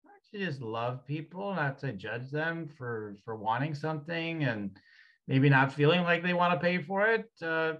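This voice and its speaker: A man's voice: a little high, expressive, normal speed, lo-fi sound. A man hosting a talk as an energy healer, rambling and hesitant with many fillers. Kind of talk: casual conversation.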